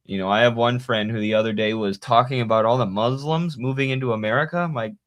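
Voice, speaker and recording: A man co-hosting a political podcast, talking casually and telling animated stories with laughs. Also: mid-range voice, fast talker. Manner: animated storytelling, mimics others with laughs. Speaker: podcast co-host.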